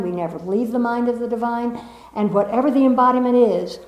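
A woman's voice: on the high side, dark tone. A woman spiritual teacher giving a talk to a live audience, emphatic and repetitive, with playful asides. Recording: roomy echo of a meeting room.

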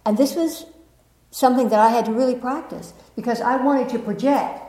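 Gently laughing woman teacher, echoey room. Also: fairly high pitch, steady tone, moderate pace. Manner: gentle and reflective, laughs often at herself; checks in with the audience by asking questions. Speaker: spiritual teacher. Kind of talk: spiritual talk to a live audience. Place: room with a live audience.

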